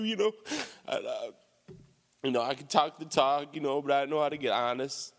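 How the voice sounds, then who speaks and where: Vocal fry colors the medium-pitched voice of a man sharing at a recovery meeting at normal speed. He's on the verge of tears, blunt and heavy on swearing, leaning on "you know" and "man," with long hall reverb around him.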